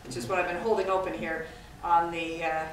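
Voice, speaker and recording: A woman's voice: lowish voice, flat delivery, brisk. Woman talking to a room from far off. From Scotland. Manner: chatty, digressive, self-deprecating. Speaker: guest speaker. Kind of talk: informal talk to an audience. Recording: echoey hall from far off, faint noise.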